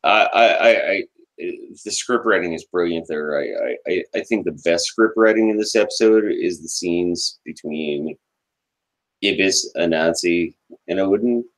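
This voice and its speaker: A man's voice: sits low, a little slow, low-quality recording. A man hosting a podcast, chatting casually about a TV episode and often repeating words as he starts a sentence. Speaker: podcast host.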